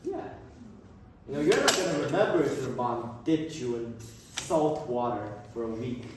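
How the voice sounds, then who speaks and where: A man's voice: mid-range voice, animated, normal speed, recorded from a distance, noisy background. Rambling slangy teen boy in an echoey room. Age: teens. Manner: rambling, slangy, self-correcting. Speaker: storyteller. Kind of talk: casual retelling of a classic.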